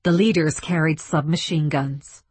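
A woman reading a story aloud as scripted narration, measured and dramatic. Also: low-pitched, fairly even intonation, darkish tone, slightly rough, no echo. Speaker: audiobook narrator.

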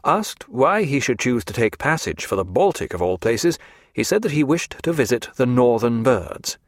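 A man reads a period novel aloud as an audiobook, measured and clear. His pitch rises and falls freely, and the recording is dry and close. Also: sing-song, dry recording. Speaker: audiobook narrator. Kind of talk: scripted audiobook narration.

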